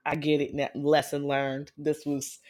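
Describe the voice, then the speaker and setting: A woman casually telling a personal story in a frank, profane and animated way, jumping in pitch as she retells moments. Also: a little slow.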